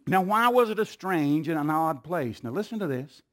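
A man preaching a sermon in a church, moving from calm storytelling to loud, fervent repeated calls to the congregation. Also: on the high side, normal speed. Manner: builds from calm storytelling to shouting fervor, repetitive calls.

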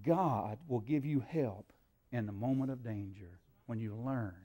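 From the pulpit, a male preacher tells a sermon story in a relaxed, folksy drawl, his mellow voice sitting at mid pitch. He acts out the voices of the characters in his tale and often fills pauses with "uh."

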